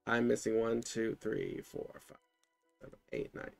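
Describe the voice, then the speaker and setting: A man's voice: mid-range voice, fairly even intonation, measured pace, creaky. A man casually commentating his own gameplay, thinking aloud and exclaiming at what he finds. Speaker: gaming channel host. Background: game music.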